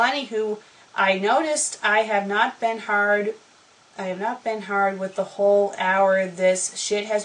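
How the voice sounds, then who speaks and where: A woman's voice: medium pitch, poor audio. A woman doing a comedic dramatic reading of fanfiction, breaking in with sarcastic, profane commentary. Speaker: fanfiction critic.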